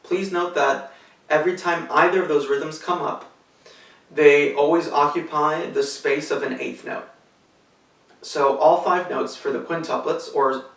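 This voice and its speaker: A man teaches a cello lesson, laying out each step patiently and calmly. His voice is bright with a gravelly edge. He is recorded from some distance in an echoey room. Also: fairly high pitch, a little slow. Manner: patient, methodical explanation with fillers. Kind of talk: instructional tutorial.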